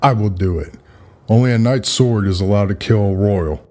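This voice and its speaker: A man's voice: on the low side, normal speed, a little mellow, close to an everyday voice. A man voicing a loyal knight in a spoken story, earnest and urgent, with music behind.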